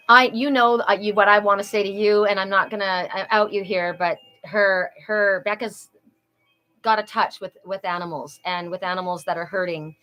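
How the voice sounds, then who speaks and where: A woman hosting a live spiritual card reading, talking in a chatty, animated way with frequent exclamations. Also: lowish voice, rough recording. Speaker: oracle card reader and host.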